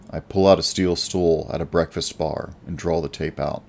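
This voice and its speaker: A man narrating a first-person action audiobook in a wry, lively storytelling manner. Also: very deep voice, moderate pace, gravelly.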